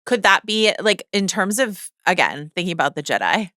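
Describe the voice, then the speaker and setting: A woman's voice: on the low side, very animated, moderate pace, sharp tone, dry recording, clean studio sound. A woman co-hosting a pop-culture podcast, making wry jokes and playful critiques. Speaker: podcast co-host.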